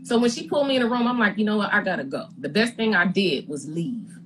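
A young adult woman candidly recounting a conflict in an interview, animated and blunt, acting out what she and others said. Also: medium pitch, quick pace, slight background noise, poor audio. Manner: animated, re-enacts her own and others' words, blunt slang. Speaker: reality TV personality giving her side.

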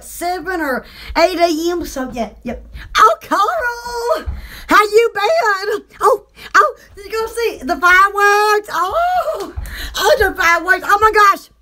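A woman's voice: very high-pitched, pushed and bright. A woman hosting a casual livestream, chatting in a giggly, rambling way. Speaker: channel host.

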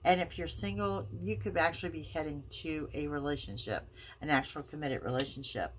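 Low-voiced woman reading tarot. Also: a little hiss or hum. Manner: reassuring, emphatic, drawn-out phrasing. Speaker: tarot reader.

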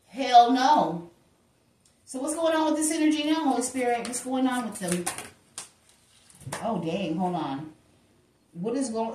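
A woman gives a tarot reading with sass and a preacher's fire. Her voice sits a little high. It rings around a bare, echoey room because she is a bit away from the mic. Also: recorded from a distance. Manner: animated, sassy, preacher-like, acts out voices in quotes. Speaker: tarot reader. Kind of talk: spiritual tarot reading to the viewer.

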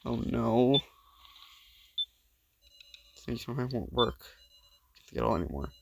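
Male let's play host with a gravelly, creaky voice, reading game dialogue aloud with stammering dramatic reads. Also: mid-range voice, sing-song, slow, a little hiss or hum.

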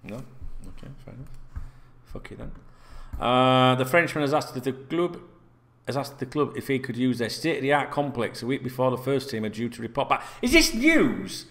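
Reading football news stories on his channel, a man rants with sarcasm and swearing in a casual style. His mid-range voice is a bit bright and keeps a moderate pace.

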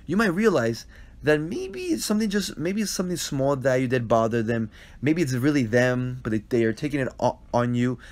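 A man's voice: medium pitch, lively intonation, brisk. Earnest man giving advice on a phone stream. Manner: earnest and repetitive, checks in with "right?". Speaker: advice host answering viewer questions. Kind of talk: casual live-stream Q&A. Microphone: phone live stream.

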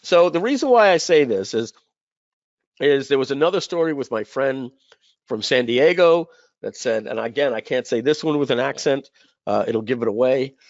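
A man's voice: medium pitch, expressive, moderate pace, no echo. A man hosting a webinar, telling a sales story in a casual, rambling way with lots of fillers and repeated words. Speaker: webinar host. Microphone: webinar call mic. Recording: slightly dull lo-fi audio.

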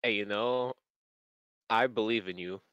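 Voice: mid-range voice, measured pace, clear, resonant tone, no echo, muffled recording. A streamer hosting a casual collab chat on a close mic, giggling often and filling talk with "like". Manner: giggly, heavy use of "like". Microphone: close desk mic.

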